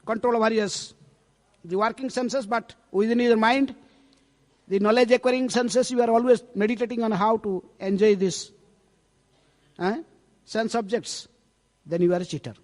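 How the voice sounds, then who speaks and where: A swami tells a scripture story in a relaxed, conversational way, often tossing in a questioning "eh?" to his listeners. His voice sits high for a man, and it rings with long reverb through a temple hall. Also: normal speed, long pauses. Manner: conversational, frequent rhetorical "eh?". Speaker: preacher, swami.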